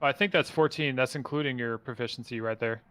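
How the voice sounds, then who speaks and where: Halting, bright-voiced man running a game. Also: mid-range voice, dry recording. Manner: rambling, halting, many restarts. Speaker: dungeon master.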